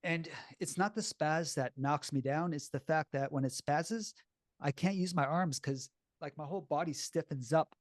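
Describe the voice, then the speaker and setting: Man, podcast host, casual storytelling, blunt and animated, shaky and upset, slightly high voice, dry close sound. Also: normal speed, dry recording. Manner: animated, blunt, swears freely. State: shaky and upset while recalling.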